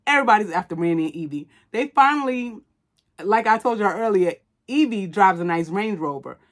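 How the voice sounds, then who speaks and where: A woman hosting a podcast, recapping a movie in animated, casual storytelling full of slang and profanity. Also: medium pitch, a little fast. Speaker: podcast host.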